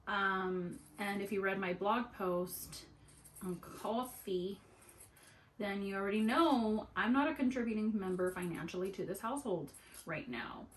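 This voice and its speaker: Woman, young adult, middle pitch, casual sewing vlog, animated, filler-heavy chat, faint background hiss. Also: a little slow, low-quality recording. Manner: animated storytelling, full of "like" fillers. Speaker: sewing vlogger. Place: at home at a sewing table.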